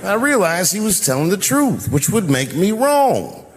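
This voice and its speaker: A middle-aged man telling a profane, animated story as a stand-up comedian. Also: high voice, a little slow, a little hiss or hum. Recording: live venue with long reverb.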